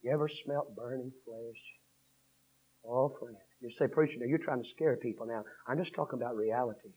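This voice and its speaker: A man preaching a revival sermon, swinging from hushed storytelling to shouted fervor. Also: medium pitch, a little fast, slightly rough, poor audio.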